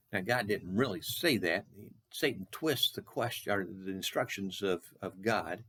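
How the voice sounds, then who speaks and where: A man from Texas giving a short devotional sermon, earnest, with slow, repeated questions for emphasis. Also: sits low, fairly bright tone, slightly rough. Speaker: preacher.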